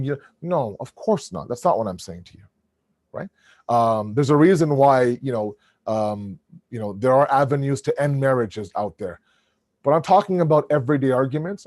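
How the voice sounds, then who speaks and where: A man with a booming voice giving an animated religious family lecture over a video call, often restarting his words. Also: no room sound, clean studio sound.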